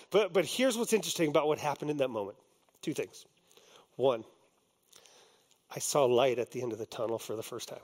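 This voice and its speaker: A man's voice: mid-range voice, expressive, a little fast, pauses often, darkish tone. A male pastor delivering a sermon, telling a personal story in a conversational way with many ums and restarts. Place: on a stage before a congregation.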